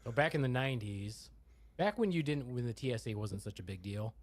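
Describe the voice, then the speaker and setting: A middle-aged man on a casual podcast telling an old story, his pitch swinging widely as he acts out the voices of the people in it. He sits at a middle pitch and talks in a loose, chatty way. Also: a little fast. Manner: lively storyteller who acts out quoted voices. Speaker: podcast co-host. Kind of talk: casual chat.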